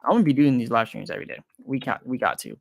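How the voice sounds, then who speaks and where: A young man talks casually on a livestream, rambling and thinking out loud with plenty of "um" and "like." His voice sits at a middling pitch and sounds dry and close, with no room around it. He comes across frank and a bit self-deprecating. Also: lively intonation, rapid-fire, creaky, no room sound. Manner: loose and rambling, thinks aloud with many fillers and restarts. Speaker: crypto trading livestream host. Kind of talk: casual livestream chat, reading viewer comments.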